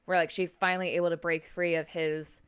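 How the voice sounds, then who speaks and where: A woman's voice: fairly low pitch, flat delivery, a little fast, clean tone. A woman hosting a podcast, chatting casually and thoughtfully with fillers of "like.". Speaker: podcast host. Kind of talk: casual chat.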